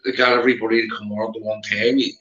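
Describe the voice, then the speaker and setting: A man's voice: lowish voice, little pitch movement, very fast, a bit bright, reverberant, highs cut off. A man with a Northern Irish accent in rambling casual chat, repeating himself and calling his friend mate. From Northern Ireland.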